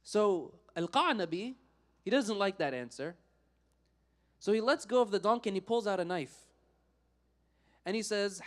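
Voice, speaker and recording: A man giving a Friday sermon, telling a story in an animated way and acting out the characters. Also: high-pitched, normal speed, pauses often.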